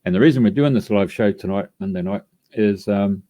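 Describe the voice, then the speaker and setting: A man's voice: fairly low pitch, fairly quick, mellow. A man hosting a live radio show, introducing a guest in a rambling way with many fillers. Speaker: radio host.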